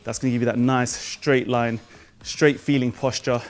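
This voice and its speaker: Upbeat jump rope coach. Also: male voice, medium pitch, fairly even intonation, moderate pace. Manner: upbeat, hyped, addresses viewers as guys. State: a little out of breath. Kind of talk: energetic fitness tutorial.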